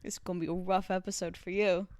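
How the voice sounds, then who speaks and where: A woman's voice: on the low side, little pitch movement, fast talker, darkish tone, dry recording, clean studio sound. A young woman co-hosting a podcast in casual chat, playful and teasing, mimicking baby talk with mock disgust. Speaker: podcast co-host.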